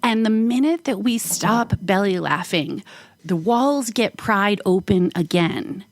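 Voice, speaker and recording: Animated woman telling a funny story. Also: slow, no echo. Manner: animated, acts out quoted voices with big pitch jumps; frequent "like" fillers. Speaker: podcast co-host. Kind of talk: casual storytelling.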